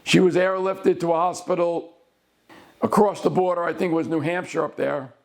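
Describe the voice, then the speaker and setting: A middle-aged man with a notably high voice tells the story of a past legal case. He talks in short, deliberate phrases and slows right down to lean on key words. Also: fairly even intonation, vocal fry. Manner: deliberate, broken into short phrases, with slowed emphasis. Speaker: lawyer.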